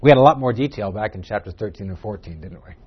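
A man teaching a Bible class, explaining the text and moving between low asides and a louder reading voice. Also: animated, fast talker, slightly rough. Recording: dull lo-fi recording.

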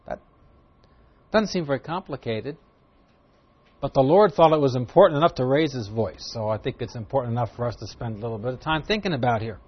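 A man preaches an expository sermon in an easy, conversational teaching manner. His voice sits at an ordinary middle pitch and climbs louder when he stresses a point. The recording is dull and lo-fi. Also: animated, a little fast, breathy edge. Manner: conversational Bible teaching, rising loud for emphasis. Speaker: pastor.

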